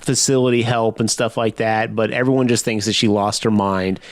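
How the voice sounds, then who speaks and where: A man co-hosting a podcast in casual chat, animated and acting out quotes. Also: lowish voice, normal speed, dry recording. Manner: animated, acts out quotes, swears. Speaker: podcast co-host.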